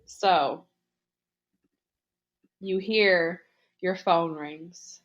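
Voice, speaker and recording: A woman's voice: lowish voice, unhurried. A young woman co-hosting a podcast, chatting casually and playfully acting out a comic scene with laughter. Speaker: podcast co-host. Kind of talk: casual chat and comic storytelling. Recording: dull lo-fi sound.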